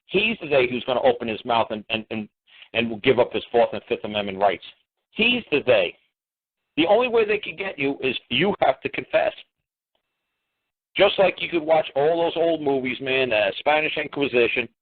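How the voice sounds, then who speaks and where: A man's voice: medium pitch, animated, moderate pace. A man lecturing on a call-in radio show, combative and blunt, hammering listeners with repeated rhetorical questions and swearing. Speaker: radio talk show host. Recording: tinny phone-line radio audio.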